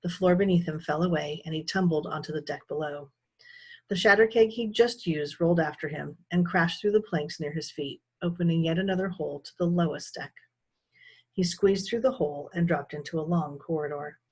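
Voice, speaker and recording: A teacher reads a children's novel aloud in a steady, expressive storytelling voice that is deep and somewhat husky. She moves a little fast but keeps an even pace through the action.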